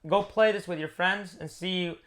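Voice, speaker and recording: A man's voice: sits high, fairly even intonation, moderate pace, background noise. A man who develops games, chatting on a live stream in a loose, rambling, joking way. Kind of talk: casual livestream chat.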